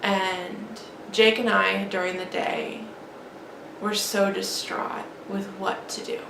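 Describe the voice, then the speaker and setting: A woman vlogger telling an emotional personal story in a halting, grieving way. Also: medium pitch, level tone, creaky. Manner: halting, grieving, many restarts and fillers. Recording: echoey room with faint background noise.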